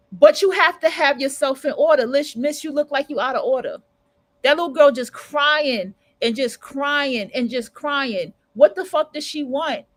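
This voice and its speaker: A woman's voice: sits high, no room sound, low-quality recording. A woman hosting a livestream, ranting bluntly and profanely in casual commentary. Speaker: livestream radio host.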